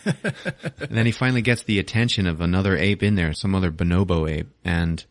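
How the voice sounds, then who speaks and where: A man's voice: low-pitched, brisk, no room sound, clean studio sound. A male podcast host casually recapping a movie, swearing, laughing and acting out the scenes. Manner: crude, laughing, acts out scenes.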